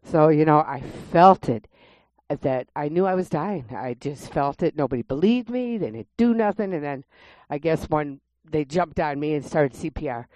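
Low-voiced woman giving church testimony. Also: moderate pace. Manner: lively storyteller who acts out quoted voices. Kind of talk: church testimony and spoken prayer.

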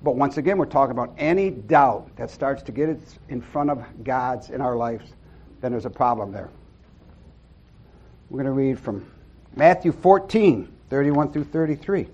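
A middle-aged man giving an informal sermon to a small church group, earnest and folksy, with loud whoops and amens. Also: medium pitch, lively intonation, normal speed, dull audio. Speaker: lay preacher.

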